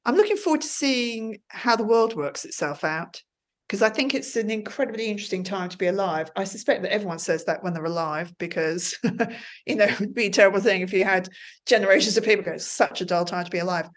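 A woman's voice: mid-range voice, fairly quick. A woman, a former TV producer, chatting as an interview guest and telling stories with acted-out quotes. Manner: chatty storyteller, acts out quotes. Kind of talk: conversational interview.

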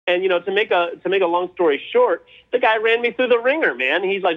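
Guest storyteller, male, higher voice, animated, muffled radio-show sound. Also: fast talker, few pauses. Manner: animated, acts out quotes. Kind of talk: casual storytelling.

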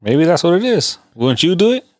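A man's voice: on the high side, sing-song, fairly quick, no room sound, studio quality. A man co-hosting a casual podcast chat, laid-back and teasing, mostly giving short replies.

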